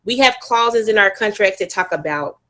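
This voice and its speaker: A woman wedding planner talking to an audience, quizzing them and coaxing their guesses in an animated, chatty way. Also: mid-range voice, moderate pace. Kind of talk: audience talk with quiz questions.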